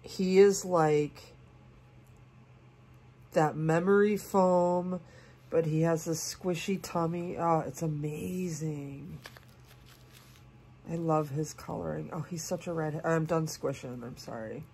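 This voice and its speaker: A woman in her forties, sick, gushing over a doll in a casual unboxing vlog, with soft hushed asides. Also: sits low, steady tone, takes it slowly, pauses often, a little hiss or hum. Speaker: doll collector and channel host.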